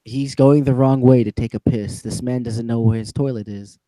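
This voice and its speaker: A man's voice: mid-range voice, fairly even intonation, normal speed, dark tone, dry recording. A man co-hosting a casual livestream chat, laid-back and self-deprecating. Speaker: co-host.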